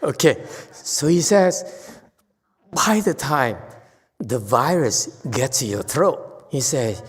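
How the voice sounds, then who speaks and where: A man's voice: medium pitch, big pitch swings, takes it slowly, breathy edge. A man giving a casual Buddhist dharma talk as teacher, chatty and teasing, laughing often. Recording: reverberant hall.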